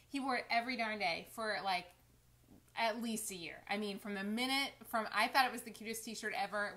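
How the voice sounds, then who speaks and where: A woman, chatting on a live stream and fighting back tears. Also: mid-range voice. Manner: warm, chatty, emotional, addresses viewers as y'all. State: close to tears. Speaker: lifestyle vlogger. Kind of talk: casual live-stream chat.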